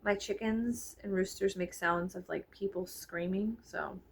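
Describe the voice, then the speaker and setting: A woman's voice: mid-range voice, fairly even intonation, measured pace, vocal fry, breathy edge, rough recording. A woman chatting casually and rambling in a vlog from her bedroom, filmed with the camera's own microphone. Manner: chatty, meandering, heavy use of "like", frequent laughs. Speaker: vlogger. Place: her bedroom, under a ceiling fan. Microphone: camera mic, no clip-on microphone.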